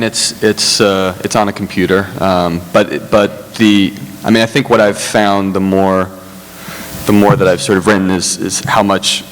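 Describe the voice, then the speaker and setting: A man speaking as a screenwriter on a panel, halting and self-deprecating, with many fillers. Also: fairly low pitch, long reverb tail. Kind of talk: casual panel talk. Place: large hall on stage.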